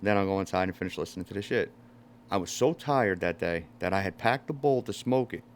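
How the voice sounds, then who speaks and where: A man's voice: low-pitched, brisk, slight background noise. A man telling a story in casual chat, swearing freely and acting out what people said. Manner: animated storyteller, swears often, acts out quotes loudly. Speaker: podcast host.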